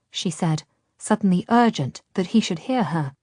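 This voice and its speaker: A woman narrating an audiobook in a calm, measured storytelling manner. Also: fairly low pitch, no room sound, studio quality.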